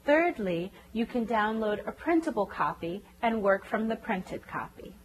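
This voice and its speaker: A woman narrating a scripted tutorial for teachers, clearly explaining step-by-step reading lessons and carefully sounding out phonemes. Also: medium pitch, very animated, unhurried, a little hiss or hum. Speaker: reading teacher demonstrating a website. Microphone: voice-over.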